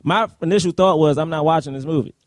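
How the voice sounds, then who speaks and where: A man co-hosting a live podcast discussion of a film, talking in an animated, rambling way with many fillers and laughs. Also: fairly high pitch, fast, dry recording. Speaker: podcast co-host. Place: live event at a university.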